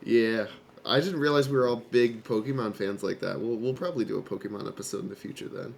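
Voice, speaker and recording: A man in his twenties co-hosts a casual podcast chat with friends, speaking fast in a lowish, creaky voice. He's opinionated and playful, tossing out short, clipped remarks. A slight hiss or hum sits in the background.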